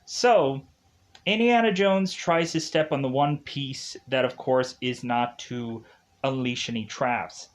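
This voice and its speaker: A man's voice: medium pitch, takes it slowly. A man reviewing a film in a casual, rambling way. He fills gaps with "uh" and "of course" and chuckles at his own jokes.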